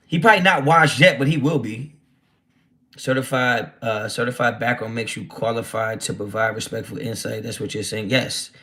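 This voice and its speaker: A mid-range, bright male voice with a forceful tone belongs to the host of a casual football livestream. He reads chat messages aloud and answers them brashly, swearing often.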